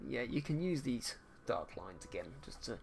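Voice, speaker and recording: A man's voice: mid-range voice, normal speed, a little hiss or hum. A man, casually teaching digital painting live while he paints. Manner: relaxed, chatty, talks while painting.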